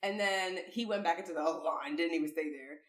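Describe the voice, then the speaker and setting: A woman co-hosting a podcast, telling a story in casual, profane, animated chat. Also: sits low, fast talker. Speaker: podcast co-host. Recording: echoey room.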